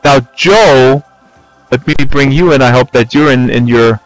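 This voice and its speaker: A man's voice: medium pitch, unhurried, no echo, faint music behind, low-quality recording. A man hosting a live-stream talk show, joking and rambling with many restarts. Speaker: show host. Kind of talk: casual live-stream chat.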